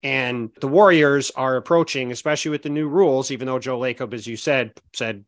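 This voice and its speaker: A man talking on a podcast panel in casual chat, laying out his analysis in a measured way with "I mean, look" fillers. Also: medium pitch, no echo. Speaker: basketball reporter, podcast panelist.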